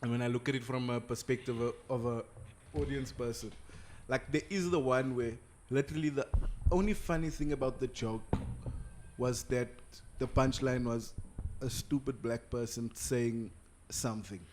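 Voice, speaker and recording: A man from Soweto, South Africa, a guest on a casual podcast chat, talking in a relaxed, laid-back way. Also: mid-range voice, moderate pace, slight background noise.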